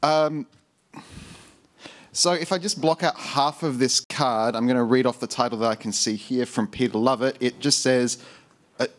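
A man hosting on a conference stage, speaking haltingly with many fillers as he brings on the next speaker. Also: mid-range voice, steady tone. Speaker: host introducing speakers.

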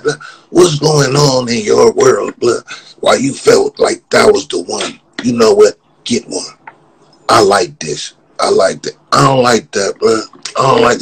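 A man ranting casually on his vlog, repeating the same slang and laughing as his voice jumps up when he gets animated. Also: lowish voice, vocal fry, a little hiss or hum, poor audio. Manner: repetitive, profane, keeps saying "blood". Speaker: vlogger.

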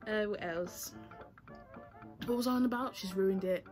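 Seorang perempuan muda beraksen bercerita santai dan bertele-tele, sering lupa arah ceritanya, dengan musik pelan di latar belakang. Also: female voice, mid-range voice, normal speed, long pauses, faint music behind. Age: young adult. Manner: chatty, rambling, loses track, sings to herself. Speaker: vlogger. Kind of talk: casual storytime chat.

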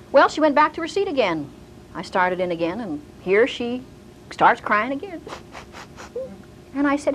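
Lively high-voiced older woman teaching. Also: moderate pace, slight background noise, rough recording. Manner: animated storyteller, acting out quoted voices. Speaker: Bible teacher. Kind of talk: teaching sermon with anecdotes.

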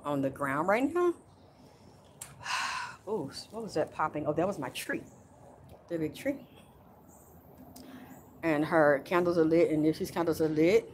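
A woman's voice: on the low side, slight background noise. Woman channeling a spirit outdoors. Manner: meandering, with frequent sighs and laughs. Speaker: spiritual medium. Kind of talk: casual livestream channeling. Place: outdoors in a yard.

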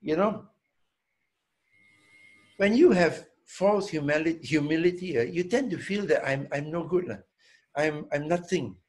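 Slow, deliberate higher-voiced man. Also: lively intonation, darkish tone. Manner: slow, deliberate, checks in with "yeah?"; repeats himself for emphasis. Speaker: hotel owner answering students' questions. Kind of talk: Q&A talk.

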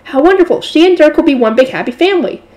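A woman's voice: sits high, sing-song, fast talker, voice pushed up. A woman reading aloud and voicing a cheerful, naive young shrine maiden in a light novel. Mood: bright. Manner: bright, pleading.

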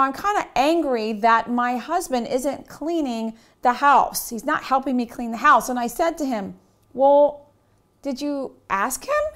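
A woman in her thirties, a wellness coach, giving a candid self-help lesson and telling personal stories with acted-out quotes. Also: sits high. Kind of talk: motivational self-help talk.

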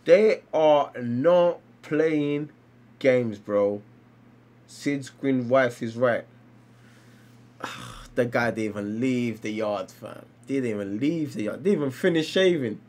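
Animated streamer, lively voice. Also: male voice, mid-range voice, takes it slowly. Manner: animated, exclaiming and laughing while reacting. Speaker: livestreamer reading comics. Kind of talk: casual live-stream commentary.

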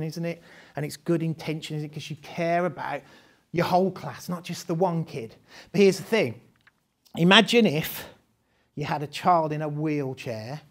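A man leading a live training session for teachers, talking conversationally with rhetorical questions and frequent laughs. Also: a little high.

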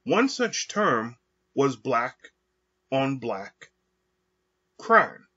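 Low husky guy thinking out loud slowly, lots of ums, kinda muffled lo-fi audio. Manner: slow and halting, with many pauses and fillers. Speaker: podcast host. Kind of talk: reflective monologue. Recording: dull lo-fi recording.

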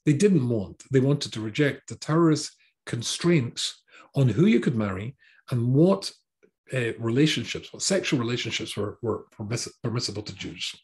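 A rabbi leads a Torah class in a voice of middle pitch that rises and falls freely. He works through the text line by line, stops to restart his phrasing, and slips in dry, sarcastic jokes along the way. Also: very animated, moderate pace, darkish tone. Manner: wry asides, sarcastic jokes; hesitant restarts while translating.

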